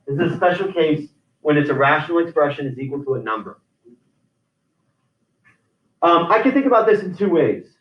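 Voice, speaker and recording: A man with a fairly high voice lectures his algebra class step by step. He often restarts his sentences. The sound is roomy and distant, as if he is recorded from across a classroom on a muffled, lo-fi mic. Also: expressive, normal speed, long pauses. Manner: explains step by step, with many restarts. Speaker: math teacher.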